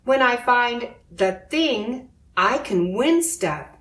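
An eager young boy who pleads and shouts with excitement, as a woman reading a storybook puts him on. The voice sits high above a normal speaking voice, and the recording has a roomy echo. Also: slow pace. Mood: pleading.

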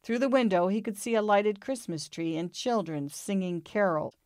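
A woman reading a children's storybook aloud in a calm, expressive way. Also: mid-range voice, normal speed, no room sound, clean studio sound.

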